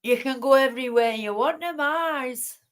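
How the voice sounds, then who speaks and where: A woman's voice: high-pitched, moderate pace, smooth. A woman hosting a late-night livestream from home, rambling and indignant as she chats to her viewers and greets them by name. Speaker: livestream host. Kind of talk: casual livestream chat to viewers.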